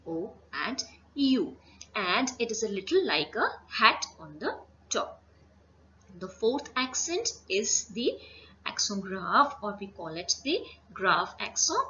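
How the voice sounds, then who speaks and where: A woman teaching a French lesson, speaking slowly and carefully and repeating each phrase for her students. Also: medium pitch, expressive, sharp tone, highs cut off, slight background noise. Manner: slow, careful, repeats words. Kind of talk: classroom lesson.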